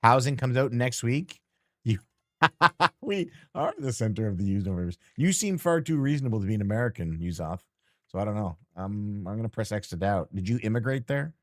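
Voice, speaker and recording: A man's voice: fairly low pitch, lively intonation, normal speed, a bit bright, no room sound, clean studio sound. A man streamer chatting casually and teasingly with his chat while playing a game, rambling and joking.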